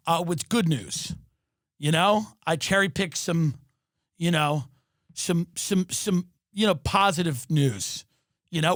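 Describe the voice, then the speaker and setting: A man delivers a sardonic comic rant in a fairly high voice. His pace jumps from rushed bursts to slow, stretched-out lines, and he sometimes shouts for effect. The sound is close and dry, with no room echo. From New York. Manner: sardonic, exaggerated, swings between quick bursts and drawn-out lines. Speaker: podcast host. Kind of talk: comedic monologue rant. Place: home studio in Los Angeles.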